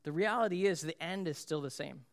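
A man in his thirties, a pastor preaching a sermon in a chatty, self-deprecating way, telling stories about his kids with quick laughs. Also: fairly high pitch, gravelly.

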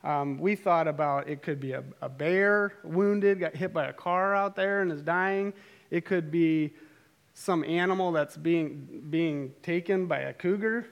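A middle-aged man telling a story casually to a live audience, animated and self-amused, with rambling asides. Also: a little high, measured pace, lo-fi sound. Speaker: speaker telling a story to a group.

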